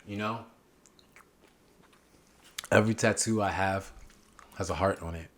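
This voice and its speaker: A young man chatting as a podcast guest, animated and rambling, often drifting off on tangents. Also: low-pitched, measured pace. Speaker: podcast guest, political candidate. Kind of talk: casual interview chat.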